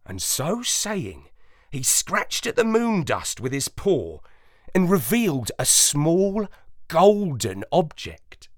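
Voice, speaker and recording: A storyteller reading a playful storybook in the first person, in an expressive, unhurried manner. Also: mid-range voice, dry recording, clean studio sound. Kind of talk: storybook narration.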